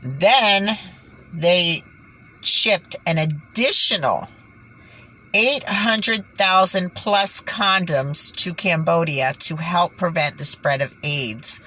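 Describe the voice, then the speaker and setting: Low-voiced exasperated woman vlogging. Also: slow, pushed and bright, slight background noise. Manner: exasperated, sighing, stumbles over words. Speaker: channel host. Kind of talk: indignant vlog commentary.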